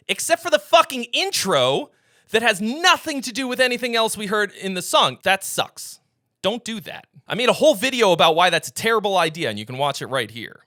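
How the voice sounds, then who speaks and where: A man's voice: high voice, lively intonation, fairly quick, sharp tone, no echo, clean studio sound. Blunt, profane man reviewing songs. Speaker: music reviewer and host. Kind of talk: casual reaction review.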